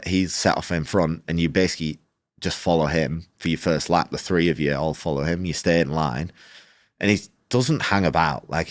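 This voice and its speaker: Low-voiced man telling a story. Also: no echo, studio quality. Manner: animated, acts out quoted exchanges, frequent "like" fillers. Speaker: motorcycle racer, podcast guest. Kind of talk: casual storytelling in an interview.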